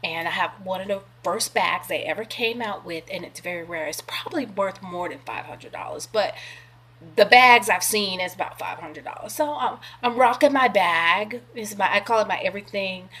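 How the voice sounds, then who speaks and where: A middle-aged woman telling a long personal story casually, animated and profane, acting out what others said. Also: mid-range voice, moderate pace, a little hiss or hum. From California. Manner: animated, profane, acts out quoted voices. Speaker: vlogger.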